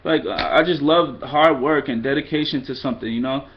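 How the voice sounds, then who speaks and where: A man's voice: medium pitch, fairly quick, muffled recording, a little hiss or hum. A man giving a loose, rambling vlog lesson, mixing in Spanish phrases and poking fun at himself. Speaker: vlogger teaching Spanish.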